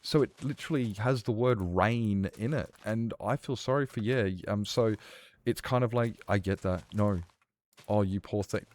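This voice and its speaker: A man's voice: lowish voice, moderate pace, a little mellow. An Australian man streaming a game, chatting casually and rambling with lots of fillers while he responds to chat.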